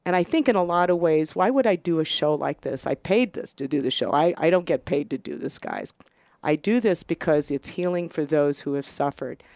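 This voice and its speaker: Middle-aged American woman, doctor-host, reflective storyteller, low voice, dry close sound. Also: no echo. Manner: earnest, reflective, quiet and halting. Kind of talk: personal storytelling monologue.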